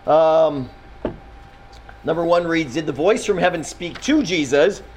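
A man's voice: a little high, a little slow, slight background noise, low-quality recording. A man teaching a Bible class in a classroom, talking casually, quizzing his students and often restarting his sentences.

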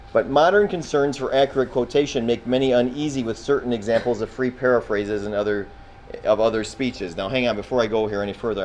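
A man's voice: mid-range voice, a little mellow, a little hiss or hum, rough recording. A man teaching a Bible class in a classroom, talking casually, quizzing his students and often restarting his sentences.

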